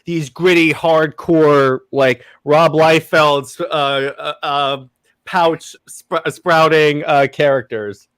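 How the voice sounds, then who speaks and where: A man hosting a casual comics discussion, animated and often restarting his phrases. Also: fairly high pitch, slow pace, clear, resonant tone, no room sound, clean studio sound. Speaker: podcast host. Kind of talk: casual chat.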